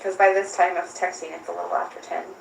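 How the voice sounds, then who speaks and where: A woman's voice: lowish voice, little pitch movement, quick pace, vocal fry. A woman questioned by authorities, recounting events and retelling text exchanges in an interview room. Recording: echoey room, voice from far off, faint hiss.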